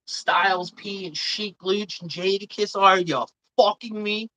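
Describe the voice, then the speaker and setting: Woman streamer, casual and profane, opinionated, mid pitch, dry close sound. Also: a little slow, sharp tone, no room sound, highs cut off. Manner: swears a lot, indignant and opinionated. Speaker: live stream host. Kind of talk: casual live stream chat.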